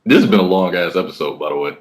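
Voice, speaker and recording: Deep-voiced laid-back man chatting. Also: very fast. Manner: laid-back, laughs often, slips into mock voices. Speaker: podcast co-host. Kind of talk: casual comedic chat.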